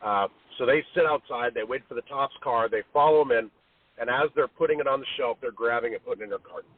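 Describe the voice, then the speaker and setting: Male co-host, husky voice, exasperated and halting, phone-thin sound. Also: mid-range voice. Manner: exasperated, trailing off and restarting. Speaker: podcast co-host. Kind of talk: casual chat. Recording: tinny phone line, husky.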